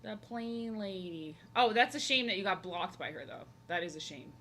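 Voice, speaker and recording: At a normal speed and medium pitch, an art streamer talks animatedly to her live chat as she draws, her fairly bright voice rambling and stuffed with "like." Slight background noise is present.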